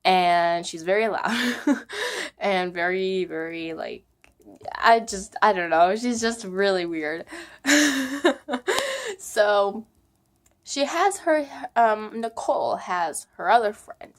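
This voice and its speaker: A young woman vlogger telling an old personal story at an unhurried, drawn-out pace. She chats casually, laughs often, and fills her talk with "like" and "um". Her voice sits in a middle range for a woman. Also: medium pitch, lively intonation. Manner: chatty, giggly, full of "like" and "um".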